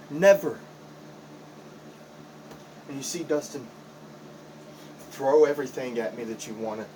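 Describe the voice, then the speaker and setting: A man with a drawl delivers a heated wrestling promo in a voice pitched a bit high. He talks in a confrontational way and hammers his points home by repeating them. A faint hum sits behind him. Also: slow pace, long pauses, a little mellow, poor audio. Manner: impassioned, repetitive, confrontational. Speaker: backyard wrestler.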